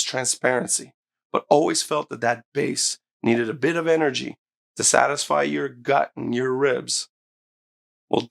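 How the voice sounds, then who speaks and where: Slightly high and creaky, the man's voice carries an excited review of a speaker, delivered to camera on his own hi-fi channel. He's emphatic and eager, and swears when excitement takes over.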